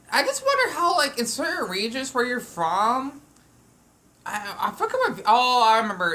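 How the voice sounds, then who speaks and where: A woman vlogs at home while eating, rambling in a meandering way with frequent restarts and fillers. Her voice is fairly low in pitch with a sharp tone.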